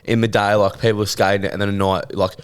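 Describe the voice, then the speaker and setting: A man's voice: on the low side, flat delivery, fast talker, clear, resonant tone. A man co-hosting a podcast, blunt and swearing often in casual chat.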